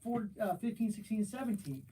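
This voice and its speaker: A woman's voice: a little high, animated, brisk, warm tone, husky. A woman speaking off camera, teasing the host with joking interjections. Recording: distant mic with faint noise.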